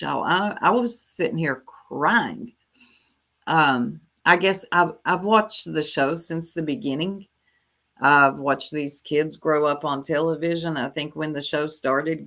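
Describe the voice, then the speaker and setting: A woman's voice: sits low, a bit bright. A woman hosting a casual live stream from home, chatting and greeting her viewers by name as she comments. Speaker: livestream host.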